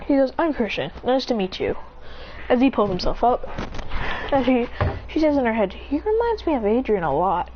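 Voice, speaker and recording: A woman rambles through a homemade story, her voice swinging widely as she speaks the characters' lines higher than her narration. Her voice sits a bit high for a woman. The recording is dull and lo-fi, with a faint hiss behind her. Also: big pitch swings, normal speed.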